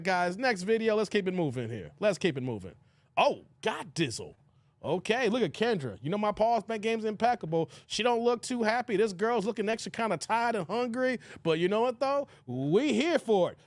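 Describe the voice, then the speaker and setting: A man hosting a casual reaction livestream, animated and exclamatory, talking straight to his chat. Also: high-pitched, no room sound.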